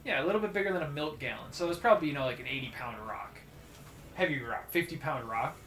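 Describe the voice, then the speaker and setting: Young male let's play co-host, loose rambling delivery, a touch high, echoey room. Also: fast talker. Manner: rambling storyteller, animated when acting out shouts. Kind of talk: casual gaming chat. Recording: roomy echo with faint game music.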